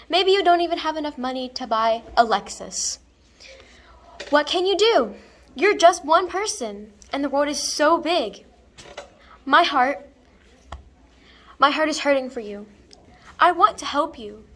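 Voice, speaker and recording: Student actress as a preachy life coach, super earnest, high bright voice. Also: female voice. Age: young adult. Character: over-the-top female motivational speaker. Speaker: student actor. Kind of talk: stage monologue.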